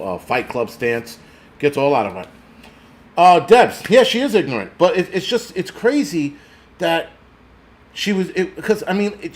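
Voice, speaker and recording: A middle-aged man hosting a channel in a casual, rambling, profane livestream rant, laughing often and answering chat comments. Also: fairly high pitch. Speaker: prepper channel host.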